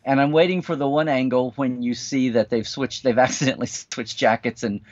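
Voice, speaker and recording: A man co-hosts a casual livestream, full of quick asides and easy chuckles. His voice sits in a middle pitch. The audio is dull and lo-fi, like a weak video call link. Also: steady tone, no room sound. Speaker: co-host.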